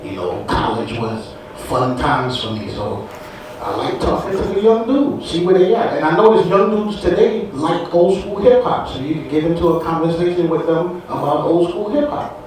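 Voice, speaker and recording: A man's voice: fairly high pitch, expressive, moderate pace, darkish tone. A man doing a stand-up comedy set in a theater on a cruise ship, with loose, crude, self-mocking banter. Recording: echoey hall heard from far off, noisy.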